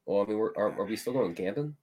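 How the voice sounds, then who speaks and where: Brief: man, slightly low voice, playful host, casual chat. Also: animated, quick pace, a little mellow, breathy edge. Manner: laughing, playful. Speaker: podcast host.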